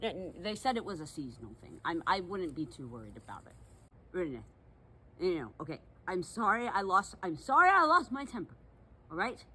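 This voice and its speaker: A woman's voice: on the low side, very animated, brisk, bright, forceful tone, husky, heavily acted. A woman playing a bossy young milkmaid turned fae in a one-sided comedy sketch, talking in mock-archaic, huffy, self-important tones. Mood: indignant.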